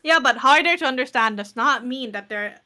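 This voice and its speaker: A young woman with a bright, ringing voice that sits a little high. She chats casually, blunt and sarcastic, and drops swear words while she argues. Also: brisk. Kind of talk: casual chat.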